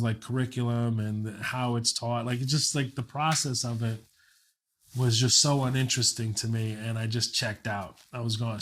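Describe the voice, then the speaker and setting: A man in his late thirties, from Kuwait and raised in Texas, is a guest comedian telling a loose, profane story and laughing through it. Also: medium pitch. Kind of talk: casual storytelling.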